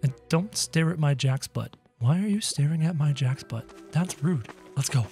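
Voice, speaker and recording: A man narrating his gameplay in a high voice that leaps all over the place. He is excitable and jokey, chatting straight to his viewers. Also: moderate pace, soft background music. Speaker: gaming commentator. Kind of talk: let's-play game commentary.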